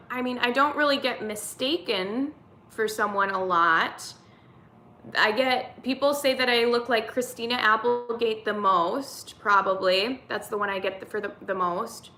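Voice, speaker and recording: A woman's voice: on the high side, bright, forceful tone, roomy sound. A woman in her thirties hosting a casual live-stream chat, reading viewer comments aloud and answering them. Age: 30s.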